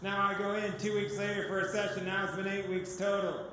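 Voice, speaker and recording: A man tells his life story as a testimony before a gathering, animated and quick to laugh. His voice sits high and sounds bright. The recording rings with a long hall echo. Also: slight background noise. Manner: animated, laughs often, acts out dialogue. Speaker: guest speaker.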